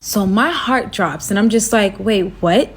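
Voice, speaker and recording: A woman telling a dramatic story in a casual storytime style, animated and jumping high in pitch when she quotes herself. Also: unhurried, slightly rough.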